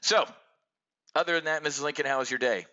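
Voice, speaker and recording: A middle-aged man hosting an options trading show, giving a brash, energetic market commentary rant and calling out to the folks watching. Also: on the high side, fast talker, muffled recording. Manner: brash and animated, keeps addressing folks.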